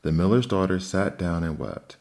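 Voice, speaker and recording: Deep-voiced man reading fairy tales. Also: vocal fry. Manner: measured, expressive fairy-tale telling. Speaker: storyteller. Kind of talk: scripted storybook narration.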